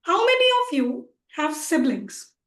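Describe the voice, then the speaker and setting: A young Indian woman delivers a comic contest speech, telling her story playfully with dramatic emphasis. Her voice is high and she speaks at an unhurried pace. The video call audio has a roomy echo. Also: very animated, fairly bright tone. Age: 20s.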